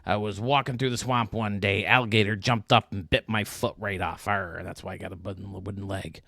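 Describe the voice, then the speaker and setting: A man doing a loud growling pirate. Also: fairly low pitch, fairly even intonation, brisk, no echo, clean studio sound. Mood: boastful. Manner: growling "arr" bursts, loud and swaggering. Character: gruff boastful male pirate, peg leg, hook.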